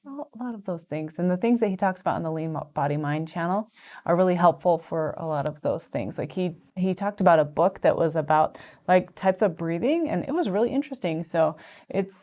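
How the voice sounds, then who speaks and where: A woman's voice: fairly low pitch, normal speed, dark tone. An American woman co-hosting a casual live stream, chatting and reading viewer comments aloud with frequent laughs. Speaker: co-host of a company live stream.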